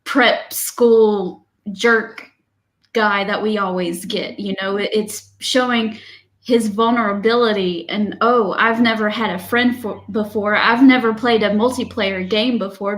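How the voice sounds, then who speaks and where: A woman co-hosting a wrestling podcast, recapping a match in animated, chatty storytelling. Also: on the high side, unhurried. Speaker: podcast co-host. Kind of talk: casual chat.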